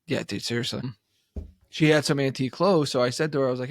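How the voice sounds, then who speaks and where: Animated storytelling man, dry mic. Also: mid-range voice, a little fast, dry recording. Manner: animated storyteller, acts out voices, laughs often. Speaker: podcast co-host. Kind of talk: casual chat.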